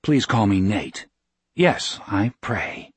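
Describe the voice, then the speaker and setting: A man voices a wary male lawyer in an audiobook, guarded and dry in his answers. The voice sits low and husky, with an unhurried pace. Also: expressive, no room sound, heavily acted. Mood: plain. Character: wary American male lawyer far from home.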